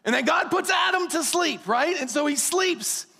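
A male pastor preaching a sermon in a church, animated and joking, breaking into sudden shouts. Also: very high-pitched, normal speed, vocal fry. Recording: long reverb of a large hall.

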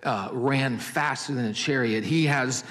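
A male pastor preaching with animated storytelling, rising to loud passages and dropping to hushed ones. His voice sits in a mid register and rings out with a long hall reverb. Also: mid-range voice, measured pace. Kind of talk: sermon.

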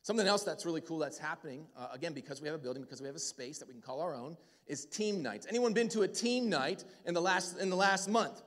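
A man's voice: a little high, fast talker, few pauses. Upbeat man giving church announcements. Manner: energetic, enthusiastic, fillers like "man". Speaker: pastor. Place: church sanctuary. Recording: church hall reverb.

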